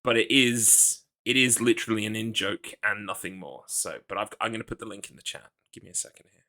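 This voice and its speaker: A man's voice: fairly low pitch, brisk, sharp tone. A man from the UK streaming a game, chatting casually and rambling, poking fun at himself and reading chat aloud. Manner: rambling, self-deprecating, reads chat aloud.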